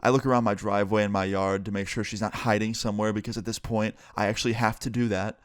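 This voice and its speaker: A young man with a lowish voice tells a storytime to his channel. He talks in a loose, excited way and swears freely. The recording is dry and close, with no room sound. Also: fast talker, no room sound. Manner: casual, profane, excited retelling. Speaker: YouTuber. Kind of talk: storytime monologue.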